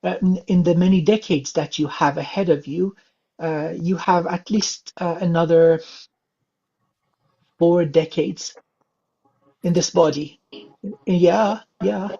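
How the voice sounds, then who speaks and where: A man gives a calm, unhurried spiritual reading in a gravelly, somewhat husky voice, his speech full of soft filler sounds. The recording is dull and lo-fi. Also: on the high side. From England. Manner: calm, gentle, many filler uhs. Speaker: spiritual reader. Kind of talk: psychic reading session.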